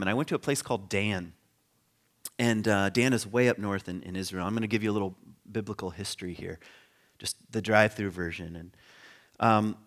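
With a lowish, slightly bright voice, a man teaches biblical history in a casual, chatty style. He laughs frequently, tosses rhetorical questions at his audience, and tends to trail off and start again.

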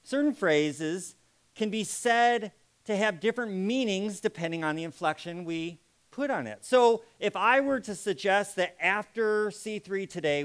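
A man's voice: sits high, fairly bright tone, smooth. A man giving an interactive live presentation to an audience, acting out sample phrases to show how tone changes meaning. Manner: demonstrative, acts out sample phrases.

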